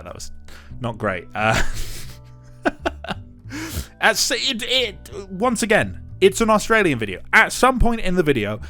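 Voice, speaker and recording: Chuckling man with a lively voice. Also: medium pitch. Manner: chuckling, rambling, self-deprecating. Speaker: YouTube game builder. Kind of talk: casual commentary over gameplay.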